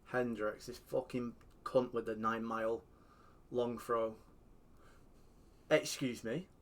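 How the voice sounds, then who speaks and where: Sweary excitable man streaming. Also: medium pitch. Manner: sweary, excitable, shouts at the game. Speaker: streamer playing a football manager game. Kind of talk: casual gaming commentary.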